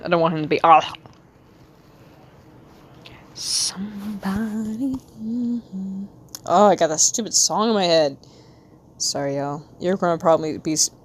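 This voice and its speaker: An American woman with a light Southern accent, rambling casually to her stream while she draws, talking to herself with quick bursts of excitement. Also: deep voice. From United States. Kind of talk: casual live-stream chat while drawing.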